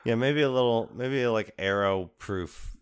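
A man hosting a casual chat, relaxed and halting, with restarts and laughs. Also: mid-range voice, clear, resonant tone. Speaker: host.

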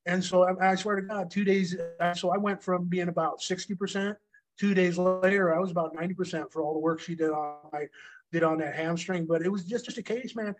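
High-voiced, flat-toned man telling stories. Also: a little fast, poor audio. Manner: profane, rambling, repeats himself. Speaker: retired pro wrestler telling stories. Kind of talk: casual storytelling chat.

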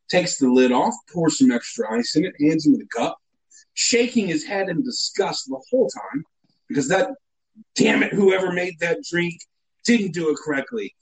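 A man with a high, bouncing voice tells a casual comic story, his pitch swinging all over the place. Mock-indignant and animated, he builds up small details for laughs, though the recording is low quality.

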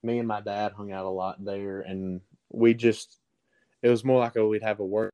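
A teenage baseball recruit with an Alabama accent, answering interview questions in a halting way with lots of ums. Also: male voice, fairly low pitch, little pitch movement, clean tone, dull audio. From Southern US. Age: teens. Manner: halting, with many ums and restarts.

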